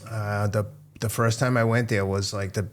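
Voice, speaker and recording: Frank, low-voiced middle-aged man. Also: fairly even intonation, normal speed. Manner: frank and emotional, swearing, laughing at himself. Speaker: podcast guest, runner. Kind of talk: candid conversational interview.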